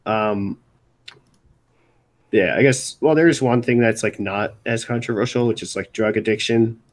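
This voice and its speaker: A young man from Baltimore chatting casually on a live stream, rambling and restarting his sentences. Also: lowish voice. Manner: rambling, halting, many restarts. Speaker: music segment host.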